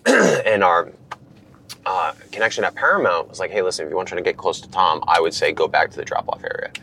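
Fast-talking deep-voiced man telling a story. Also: gravelly, a little hiss or hum. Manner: animated, acts out quotes from others. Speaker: guest. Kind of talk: casual storytelling. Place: car.

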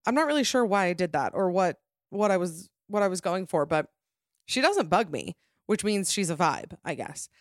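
A young woman hosting a podcast, chatting casually and gossipy with quick self-mocking asides. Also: on the low side, sing-song, no room sound, studio quality. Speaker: podcast host. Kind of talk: casual chat.

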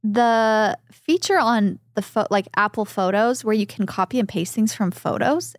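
A woman co-hosting a casual podcast, from Southern California, chatting in an animated way and acting out what other people said. Her voice sits at a middle pitch, recorded close and dry with no room sound. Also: normal speed, dry recording. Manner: animated storytelling, quoting others in lively voices. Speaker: podcast co-host. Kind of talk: casual chat.

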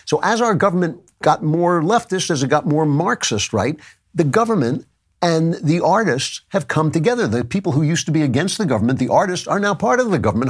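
A man hosting a podcast, talking through a commentary monologue in a conversational way with wry asides. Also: a little high. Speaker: podcast host.

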